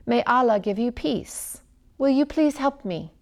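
A woman's voice: on the high side, lively intonation, measured pace, darkish tone. A woman voicing a troubled grown man who asks earnestly and politely for help in a read-aloud story. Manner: courteous, earnest.

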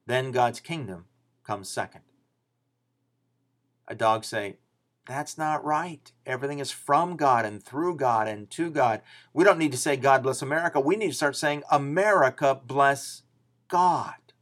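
A man preaching a sermon, stressing key phrases loudly and dropping to quiet asides. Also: medium pitch.

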